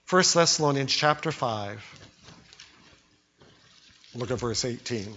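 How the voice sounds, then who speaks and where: A man's voice: medium pitch, animated, slow, pushed and bright, dull audio, a little hiss or hum. An older man preaching a sermon as pastor, telling stories and acting out the quotes. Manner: storytelling preacher, acts out quotes with voices.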